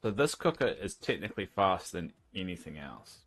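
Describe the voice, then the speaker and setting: A man's voice: low-pitched, big pitch swings, fairly quick, a bit bright, soft background music. A man with a New Zealand accent, casually chatting and teasing viewers while streaming a game. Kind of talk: casual live-stream chat while gaming.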